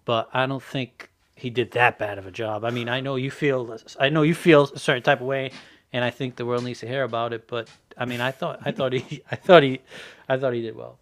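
A man in a casual podcast chat, giving a measured opinion and repeating his openings. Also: mid-range voice, steady tone, a bit bright.

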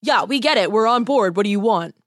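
A woman voicing an excitable young prince who talks eagerly and casually. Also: medium pitch, brisk, no room sound, clean studio sound, close to an everyday voice.

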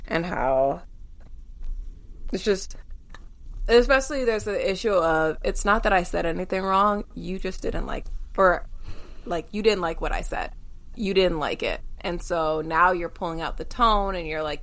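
A woman's voice: fairly low pitch, fairly bright tone. Blunt, emphatic woman podcast co-host. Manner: blunt, emphatic, swears freely. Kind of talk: casual chat.

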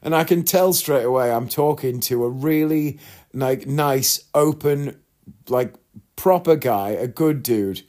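A man's voice: medium pitch, measured pace, darkish tone. A man in a casual vlog, telling a long story frankly and chattily, rambling with asides and acting out what other people said. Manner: chatty, candid, rambling with asides and quoted voices. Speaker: vlogger.

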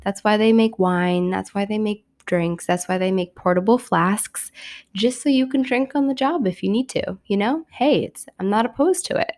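Hoarse, raspy woman with a cold. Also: mid-range voice, normal speed, darkish tone. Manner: chatty, self-mocking, upbeat. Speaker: podcast host. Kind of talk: casual solo podcast chat.

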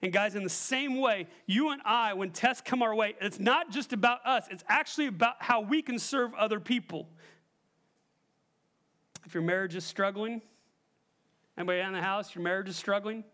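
Young male pastor with a high voice, preaching emphatically and putting questions to the congregation. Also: normal speed, pushed and bright. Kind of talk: sermon.

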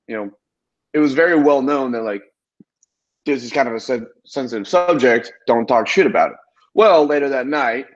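A man's voice: mid-range voice, moderate pace. A young man from Ohio, co-hosting a podcast, telling a story in casual chat with plenty of swearing and teasing. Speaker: podcast co-host. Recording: dull lo-fi sound.

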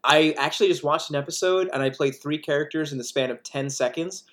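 Voice actor guest, male, slightly high voice, relaxed and halting. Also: echoey room, crowd noise. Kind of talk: casual chat.

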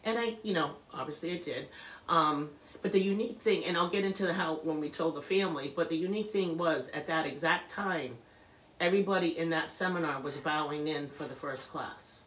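Speaking briskly in a fairly bright tone, a middle-aged interview guest chats through a personal story, mimicking the people she quotes with a lifted pitch and laughs. The audio is poor and reverberant, with slight background noise.

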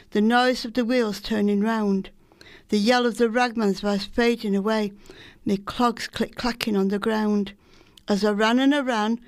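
A woman from Salford with a Lancashire accent, reading her own poems in a homely storytelling manner. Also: medium pitch. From Salford, England. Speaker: poet. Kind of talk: poetry reading.

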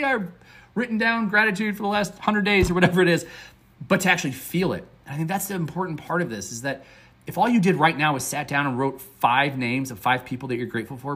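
A man's voice: medium pitch, fairly bright tone, husky. A man hosting a motivational podcast as a success coach, talking in an upbeat, earnest, conversational way with fillers and restarts.

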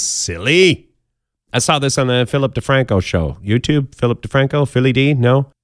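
A man's voice: mid-range voice, no echo. A man hosts a comedic podcast countdown, and his voice leaps up and down all the time. He talks casually and fills the stories with playful asides. The sound is dry and close to the mic. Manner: jokey, playful asides, bouncy delivery. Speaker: podcast host.

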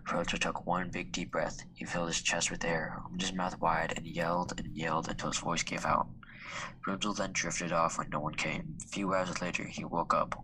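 A man reading a story aloud in a hushed, half-whispered way. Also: low voice, background noise. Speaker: student reader.

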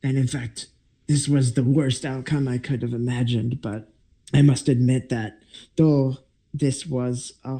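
A weary, bitter father held captive, as a game master puts him on. He speaks in a measured, solemn way with a gravelly, dark voice. The pace is slow and heavy. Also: medium pitch.

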